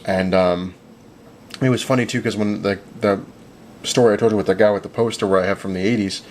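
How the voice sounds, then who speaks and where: A man's voice: fairly low pitch, steady tone, fairly quick, a little mellow, a little hiss or hum. A young man chatting casually as a vlogger, rambling with lots of fillers and retelling conversations. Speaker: vlogger recapping a comic convention. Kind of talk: casual chat.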